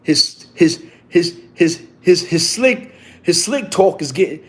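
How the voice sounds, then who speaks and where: High-voiced man telling a street story. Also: slow pace. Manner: animated, profane street talk with many restarts and repeats. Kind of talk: casual storytelling to camera.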